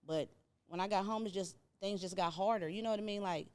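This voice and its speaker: Her pace is quick and her voice mid-range as the middle-aged podcast guest from Indiana relates her experiences conversationally. She brings the story to life by acting out what each person said.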